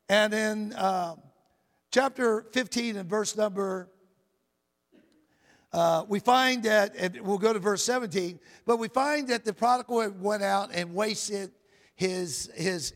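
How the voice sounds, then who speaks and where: High-voiced preacher in an echoing hall. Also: male voice, fairly bright tone. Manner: prayerful, emphatic preaching with call-and-response asides. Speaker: pastor. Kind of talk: sermon. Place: church sanctuary.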